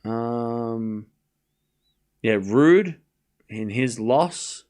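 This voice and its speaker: A man's voice: medium pitch, expressive, very slow, a little mellow. A man hosting a live tennis watchalong, chatting casually with viewers and calling out scores in a jokey, rambling way. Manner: chatty, jokey, calls scores while reading chat. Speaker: watchalong host.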